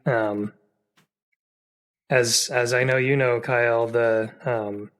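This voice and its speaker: Speaking slowly in a steady, medium-pitched, slightly bright voice, a podcast co-host chats casually. He's jokey and rambling, with frequent fillers and restarts.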